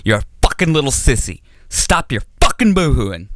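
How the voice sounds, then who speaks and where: A man's voice: mid-range voice, big pitch swings, normal speed, fairly bright tone, no echo, voice pushed up. A man voicing his own short-tempered father, cursing and berating his son.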